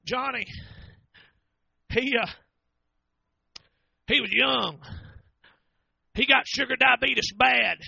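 Gravelly high-voiced preacher. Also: male voice, pushed and bright, no echo, highs cut off. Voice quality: fervent, drawn-out preaching delivery. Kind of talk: storytelling sermon.

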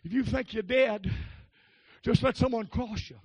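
High, gravelly shouting preacher man. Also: unhurried. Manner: exclaims, shouts and calls out to the congregation. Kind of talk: fervent holiness sermon.

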